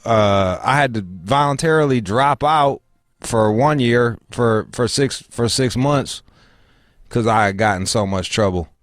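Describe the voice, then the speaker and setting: A man's voice: medium pitch, unhurried, dry recording, clean studio sound. A man hosting a casual talk show, swearing freely and laughing as he rants. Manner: profane, animated, laughs often. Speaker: show host.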